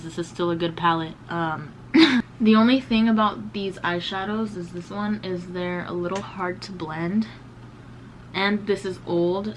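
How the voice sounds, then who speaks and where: A woman's voice: on the low side, noisy background. A young woman in her twenties, chatting casually and slangily as a beauty vlogger while doing her makeup. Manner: chatty, slangy, lots of "like" and "bro".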